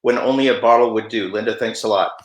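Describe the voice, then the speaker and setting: A man's voice: lowish voice, fairly even intonation, fast, reverberant, poor audio. A man hosting an event, introducing the winner with upbeat thanks. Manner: upbeat and appreciative. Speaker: event host introducing readers.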